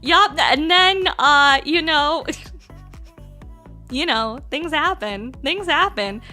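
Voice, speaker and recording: A young woman from Canada hosts a relaxed livestream, chatty and quick to giggle as she reads out names from chat. Her voice sits high and sounds bright and sharp. Soft music plays quietly underneath.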